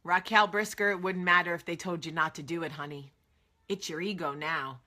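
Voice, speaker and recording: A woman's voice: lowish voice, steady tone, a little fast, pushed and bright. A woman hosting an advice vlog, earnest and direct, repeating phrases for emphasis. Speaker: vlog host.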